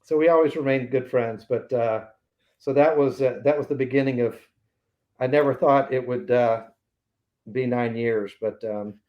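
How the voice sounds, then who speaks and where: A man's voice: mid-range voice, fairly even intonation, moderate pace, dull audio. A man in his sixties, a podcast guest, telling anecdotes in a casual interview and acting out the voices of the people in them.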